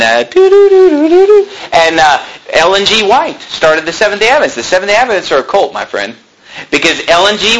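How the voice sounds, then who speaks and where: A man's voice: a little high, sharp tone, a little hiss or hum, low-quality recording. A man preaching a sermon as pastor, building to emphatic rising peaks and voicing his listeners' objections.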